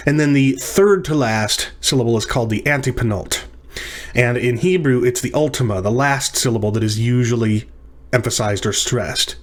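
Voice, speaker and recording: A man teaching a recorded practice lesson, explaining terms step by step and repeating words with small restarts and fillers. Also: medium pitch. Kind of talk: recorded lecture practice session.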